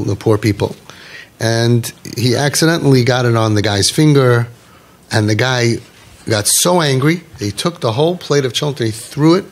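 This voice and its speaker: Earnest man giving a parenting talk. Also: mid-range voice. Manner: earnest, emphatic, repeats key phrases. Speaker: parenting coach speaking to parents. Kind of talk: inspirational talk with storytelling.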